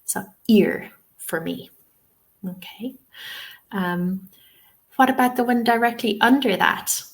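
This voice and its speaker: An Irish TEFL trainer leads a pronunciation lesson in a webinar, modelling sounds one at a time and checking in with "okay?" as she goes. Her voice is on the high side with vocal fry, and she takes it slowly.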